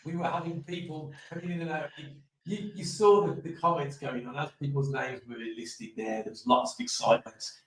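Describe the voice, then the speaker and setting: A man's voice: a little high, expressive, fairly quick, a bit bright. A man hosting an awards live stream, chatting enthusiastically and rambling with many restarts. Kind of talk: casual live stream chat. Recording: very echoey room, far from mic.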